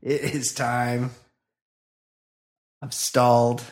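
A man's voice: medium pitch, flat delivery, takes it slowly. A man co-hosting a comedy podcast, talking loosely and crudely and reading listener emails aloud. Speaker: podcast co-host.

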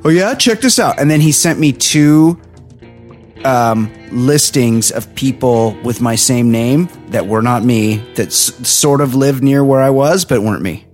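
A man hosting a podcast, rambling through casual stories and doing quick voices for his friends. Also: mid-range voice, darkish tone, faint music behind. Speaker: podcast host. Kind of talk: casual chat.

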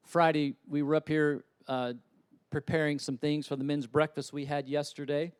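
A middle-aged pastor preaching in a church with a slightly raised voice. He rises into loud, urgent appeals and drops into hushed, casual anecdotes. The sound is close and dry, with little room echo. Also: fairly high pitch, flat delivery, moderate pace, clean tone. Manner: impassioned, swings from loud urging to quiet storytelling. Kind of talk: sermon. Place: church sanctuary.

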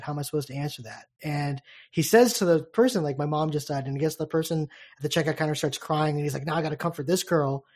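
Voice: medium pitch, darkish tone. A podcast co-host in casual chat, enthusiastically retelling a scene with quoted lines.

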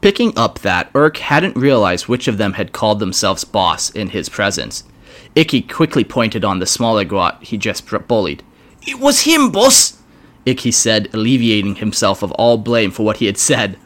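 A man's voice: on the low side, normal speed. A man casually reading a fantasy fan story aloud, with wry, joking asides. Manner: lively, wry asides with swearing. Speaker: story reader.

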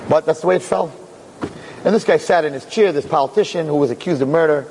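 A man telling a story with lively energy, acting out each character as he goes. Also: fairly high pitch, fast, slight background noise, rough recording. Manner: lively, acts out every character. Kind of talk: animated storytelling.

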